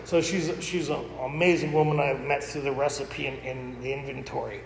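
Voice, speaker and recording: A man's voice: mid-range voice, steady tone, moderate pace, gravelly. A middle-aged man giving a candid, rambling personal testimony as a recovery meeting speaker. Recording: echoey hall with faint noise.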